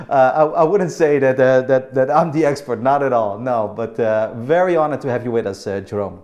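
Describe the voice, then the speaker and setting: A man's voice: mid-range voice, normal speed, hardly any pauses, a little mellow. A man co-hosting a podcast, talking with enthusiasm and plenty of restarts. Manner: enthusiastic, with many fillers and restarts. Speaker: co-host.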